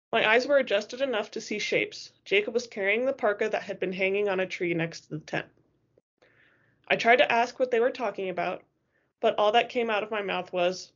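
A woman reading a first-person novel aloud in a steady, expressive way, in a dull lo-fi recording. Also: medium pitch, fairly quick. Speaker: audiobook reader.

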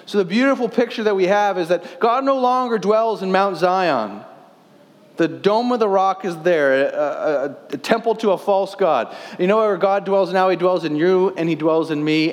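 A man's voice: on the high side, big-room sound. A man in his thirties, a pastor, preaching a sermon earnestly, posing questions and reading scripture aloud.

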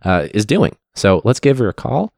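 A man with a Chicago accent hosting a casual interview podcast, relaxed and rambling, laughing at himself now and then. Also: fairly low pitch, normal speed, vocal fry, dry recording, clean studio sound. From United States. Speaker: podcast host.

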